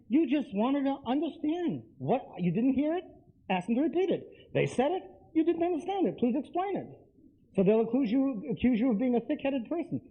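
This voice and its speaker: A man giving a live lecture to an audience, talking emphatically and straight to them with repeated phrases. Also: very high voice. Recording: tinny lo-fi lecture recording.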